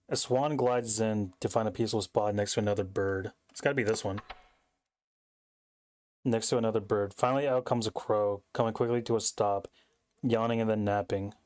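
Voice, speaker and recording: A man's voice: lowish voice, steady tone, normal speed, pauses often, a little mellow, no echo. A young man streaming a game from home, thinking aloud in casual, rambling commentary as he reads puzzle text on screen.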